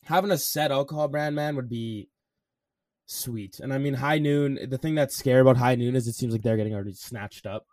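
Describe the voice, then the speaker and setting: A man's voice: mid-range voice, fairly quick, a little mellow, no room sound, studio quality. A man from Canada, a podcast co-host, chatting in a laid-back, slangy way that tends to trail off. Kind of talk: casual podcast chat.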